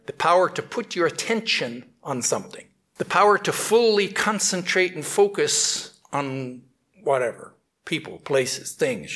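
A man giving a spiritual teaching and telling a story, halting often and restarting his phrases. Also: on the high side, fairly bright tone.

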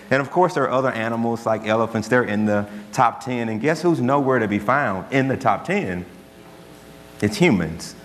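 A man's voice: medium pitch, fairly bright tone. A man preaching a sermon as pastor, earnest and conversational, telling stories to make his point. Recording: long hall reverb, faint hum.

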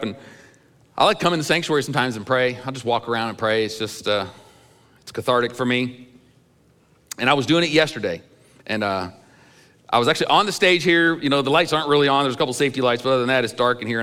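A man's voice: mid-range voice, bright, forceful tone, smooth, in a large hall. A middle-aged male pastor preaching in a church sanctuary, telling candid personal stories in a conversational way with some humor. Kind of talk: sermon.

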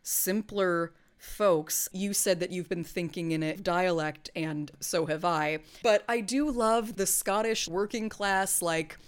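A woman's voice: on the low side, slow pace, hardly any pauses, clean tone. A woman co-hosting a podcast in casual chat, talking animatedly, swearing freely and laughing often. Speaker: podcast co-host.

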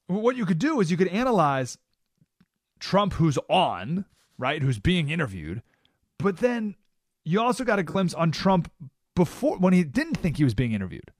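A man hosting a talk radio show, telling stories in a conversational, animated way with frequent asides. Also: high voice, no echo, studio quality.

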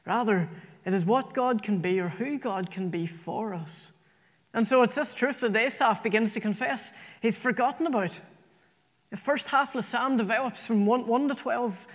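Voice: medium pitch, normal speed. A preacher delivering an earnest sermon, often repeating phrases for emphasis. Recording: long reverb from a hall.

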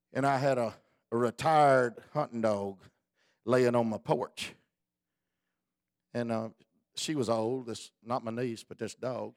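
A man preaching a sermon in a folksy, colloquial storytelling manner, building up to fervent, near-shouted exhortations. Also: mid-range voice, no room sound, clean studio sound.

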